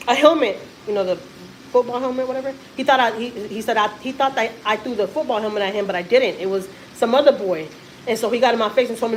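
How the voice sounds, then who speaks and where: A woman's voice: a little high, slight background noise, low-quality recording. A woman in her thirties from Texas, a mother telling a family story in a rambling, emphatic way on a casual live stream.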